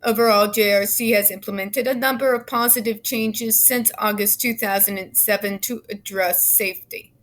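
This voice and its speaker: A woman's voice: mid-range voice, fairly even intonation, moderate pace, hardly any pauses, a bit bright. A woman reading a report aloud and breaking off into fiery, profane, sarcastic commentary, stumbling over her words now and then. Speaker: YouTube commentator.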